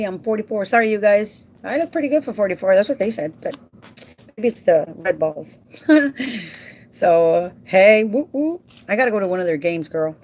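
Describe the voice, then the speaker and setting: A woman's voice: medium pitch, darkish tone. A woman in her forties, a livestream host chatting casually with viewers by name and explaining timesheets, now and then dropping into Spanish. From Southern California. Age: 40s. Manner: folksy instructional explaining.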